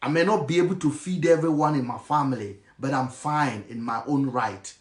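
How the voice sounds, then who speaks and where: A man's voice: medium pitch, normal speed, reverberant. A Nigerian man speaking in a passionate monologue, mixing in Pidgin phrases. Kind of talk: impassioned monologue.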